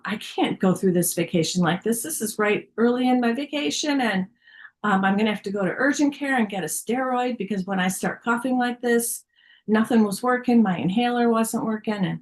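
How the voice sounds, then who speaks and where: A woman sharing a personal story in a casual spiritual group, candid and chatty with many fillers. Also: medium pitch.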